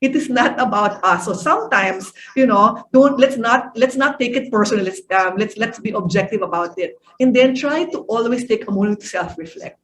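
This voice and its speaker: Woman, middle-aged, high pitch; online parenting coach, engages the audience with questions. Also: fairly quick, hardly any pauses, fairly bright tone. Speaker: parenting speaker and executive coach.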